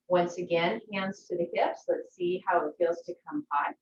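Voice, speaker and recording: Woman yoga teacher, calm guiding voice, distant roomy dull video-call sound. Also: on the low side, moderate pace, hardly any pauses. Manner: gentle, encouraging instructions. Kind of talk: guided yoga class. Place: her home.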